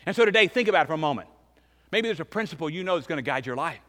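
A man in his fifties preaching a sermon as pastor, emphatic, swinging between loud and hushed. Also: on the high side, lively intonation, very fast. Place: church sanctuary. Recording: long reverb of a large church hall.

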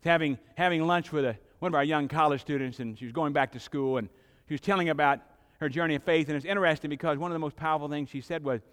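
Middle-aged male preacher, emphatic sermon with dramatic pauses, voice a touch high, long sanctuary reverb behind him. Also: a bit bright, clear, resonant tone. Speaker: pastor.

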